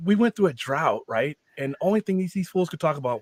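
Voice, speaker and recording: A man's voice: a little high, expressive, a little fast, dry recording. A man hosting a casual live stream, joking, rambling and laughing often. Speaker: host.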